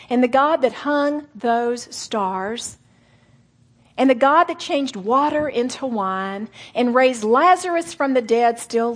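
Husky-voiced woman teaching a sermon. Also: sits high. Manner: animated storytelling, acts out voices, laughs often. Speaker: women's Bible teacher.

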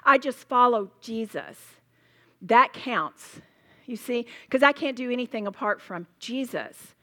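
A woman's voice: on the high side, a little slow. Passionate woman teaching the Bible. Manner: passionate, emphatic, animated storytelling with role-played demos. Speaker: women's Bible study teacher. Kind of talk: live Bible teaching to a women's group.

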